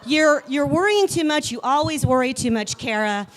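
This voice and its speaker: A woman's voice: sits high, lively intonation, moderate pace, voice pushed up. Stubborn grumpy old man, as a woman quotes him. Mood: dismissive. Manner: dismissive, argumentative.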